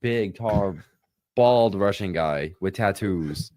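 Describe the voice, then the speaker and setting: A man with a very deep voice co-hosts a relaxed podcast, recorded close and dry. He chips in with short, offhand comments. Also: takes it slowly, dry recording. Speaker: podcast co-host. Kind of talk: casual podcast chat.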